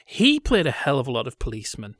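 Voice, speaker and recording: A man's voice: medium pitch, huge pitch swings, fast talker, fairly bright tone, no echo, clean studio sound. A man chatting casually as a podcast co-host, telling wry, digressive stories. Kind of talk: casual chat about old British TV.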